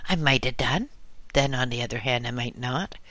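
A woman's voice: rumbling low, normal speed, fairly bright tone, dry recording. A man voicing a small, scraggy, dour older woman who growls and snorts her answers. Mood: dour grumbling.

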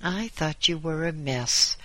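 A man's voice: fairly high pitch, slow, fairly bright tone, dry recording, pitched above the performer's own voice. A man voicing a genial, teasing old male angel who keeps the gates, folksy and chuckling, in a storybook reading.

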